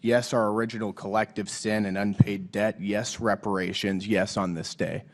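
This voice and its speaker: Man, hoarse from a cold, fairly low voice; a lawmaker at a hearing, blunt, reads quotes aloud. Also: little pitch movement, normal speed. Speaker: lawmaker questioning a witness. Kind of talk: congressional hearing questioning. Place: hearing room.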